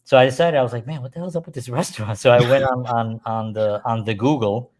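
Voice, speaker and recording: A man's voice: mid-range voice, fast talker. A man, casually telling stories and chuckling as he talks. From New York. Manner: animated storyteller, chuckles while talking, puts on voices in quotes. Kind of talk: casual storytelling chat.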